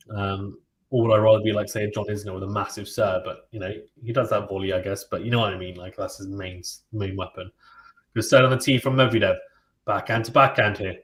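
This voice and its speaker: A man hosting a live tennis watchalong stream. He calls the play-by-play in a relaxed, chatty way and reads out viewer comments and reacts to them. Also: on the low side. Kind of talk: live play-by-play commentary mixed with casual chat. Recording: roomy echo.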